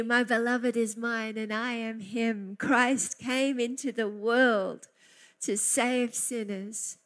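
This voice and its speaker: A woman with a high, bright-toned voice preaches a sermon. She speaks slowly and with fervent emphasis, and she often repeats words of praise. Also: fairly even intonation.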